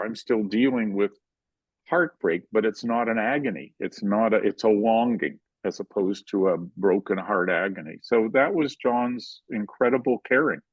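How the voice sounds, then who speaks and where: An older man, a filmmaker, telling animated stories in an interview and acting out the quotes. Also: on the low side, moderate pace, breathy edge, no room sound, highs cut off. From Canada. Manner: animated anecdotal storytelling, acts out quotes. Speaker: guest filmmaker. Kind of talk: storytelling in a conversational interview.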